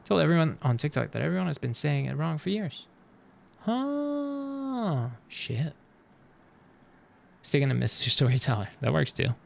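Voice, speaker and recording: A man streaming live, chatting casually with his viewers as he reacts to videos, animated and swearing freely. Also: fairly high pitch, measured pace, gravelly, long pauses.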